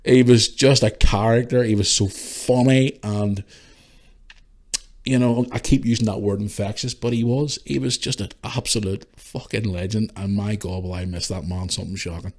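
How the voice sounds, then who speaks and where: A middle-aged man with a Northern Irish accent hosting a podcast, speaking emotionally and haltingly in a tribute monologue, swearing and restarting his sentences. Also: lowish voice, fairly even intonation, darkish tone. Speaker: podcast host.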